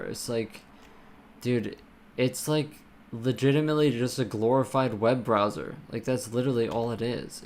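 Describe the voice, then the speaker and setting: A man's voice: medium pitch, slight background noise. A man live-streaming while programming, chatting casually and ranting with lots of swearing and filler words.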